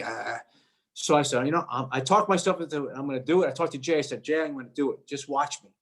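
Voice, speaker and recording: An actor appearing as a guest tells a lively anecdote at a fast clip, his pitch slightly raised. He acts out the voices of the people in his story and often stumbles, repeating words as he goes.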